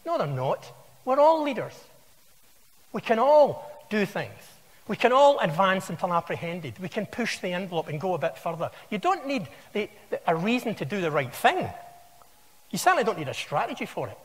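A man's voice: high-pitched, sing-song, moderate pace. A man in his sixties with a Scottish accent, giving a wry, anecdotal conference talk in a large hall. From Scotland. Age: 60s. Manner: wry, anecdotal, conversational storytelling. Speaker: conference speaker. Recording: long hall reverb.

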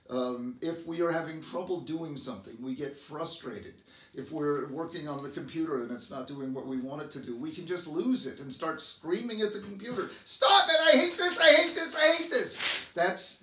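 A man doctor from the United States giving advice to camera, earnest, often repeating and restarting words and jumping up in pitch for emphasis. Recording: roomy echo, voice from a distance.

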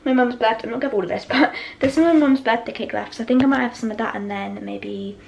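A woman's voice: on the high side, fast talker, gravelly, a little mellow, dull audio, slight background noise. A young woman, chatting casually while vlogging at home about her studies. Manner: chatty, rambling, lots of fillers. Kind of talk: casual study vlog chat. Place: at home indoors. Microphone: handheld then laptop camera.

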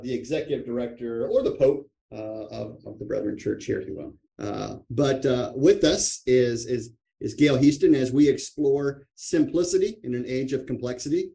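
A man hosting a church podcast in casual chat, joking around and often pausing with "uh" and restarting his sentences. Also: medium pitch, vocal fry, dark tone. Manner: joking, with frequent "uh" fillers and restarts. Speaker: podcast host.

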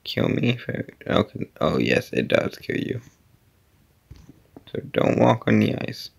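A man talks his way through an obstacle-course game, his voice heavy with fry. His pitch swings widely between quiet mutters and sudden exclamations. He keeps an easy, slow pace throughout. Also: big pitch swings. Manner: mutters to himself, whispers under breath, exclaims at setbacks. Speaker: gamer playing an obstacle course. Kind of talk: casual gameplay commentary.

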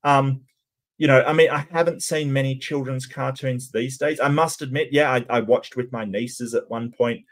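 A man's voice: medium pitch, fairly even intonation, normal speed. A man talks through his reactions casually in a mid-range voice, stopping often to stammer, restart and fill the gaps with ums. He sounds unscripted and thinking aloud, like a host chatting to his viewers. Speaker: channel host reacting to cartoon clips.

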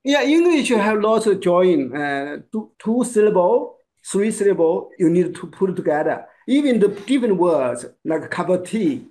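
A male Chinese pronunciation teacher whose first language is Chinese, speaking English in short broken phrases and modeling sounds slowly. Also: high voice, sing-song, a little mellow. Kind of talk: one-on-one lesson.

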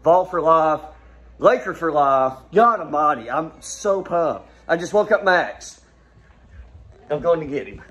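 Wildly excited man, high voice. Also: unhurried, lo-fi sound. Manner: overexcited, repeating exclamations. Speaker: sports fan vlogger. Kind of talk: excited reaction video.

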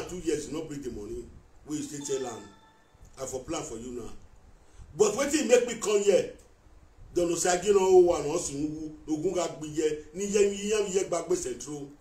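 A man with a Nigerian Pidgin accent rants on a live stream, accusing and calling out someone he speaks to directly. His voice sits fairly high and repeats points in bursts. It sounds like he is some way from the mic in a bare, echoey room. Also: a little mellow, far from the mic. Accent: Nigerian Pidgin English. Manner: accusatory, repetitive, talking straight at someone. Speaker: vlogger addressing a rival on a live video. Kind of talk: heated live-stream rant.

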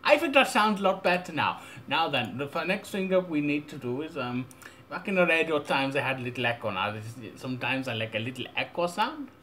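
A young man rambling through a deadpan, mock-serious audio software tutorial with absurd asides. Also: fairly high pitch, fairly quick. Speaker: tutorial maker.

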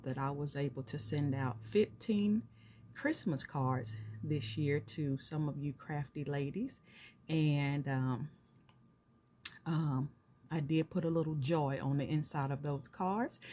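A woman with a deep voice and dark tone hosts a craft vlog at home, filming on a camera set on a tripod. She gushes with thanks and laughs often while opening gifts. There's slight background noise.

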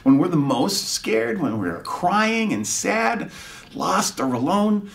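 A man leading a preschool chapel, telling a story in an animated, playful way that sometimes drops to a whisper. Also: high-pitched, slow, gravelly, far from the mic. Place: church.

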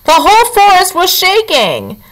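A woman's voice: very high voice, huge pitch swings, unhurried, a bit bright, voice pushed up, full character voice, rough recording. A woman voicing a pushy, sly male fox in a storybook read-aloud, pleading and eager.

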